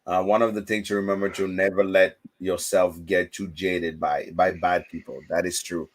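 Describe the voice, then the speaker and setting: A man hosting a casual livestream chat, telling stories with lively, loud acted-out quotes. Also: deep voice, moderate pace. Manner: animated storytelling, acts out quotes loudly. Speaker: host.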